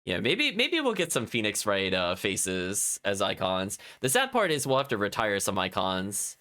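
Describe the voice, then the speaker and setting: Male streamer, casual chatty commentary, very animated, bright tone. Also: lowish voice, normal speed. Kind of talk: casual let's-play commentary.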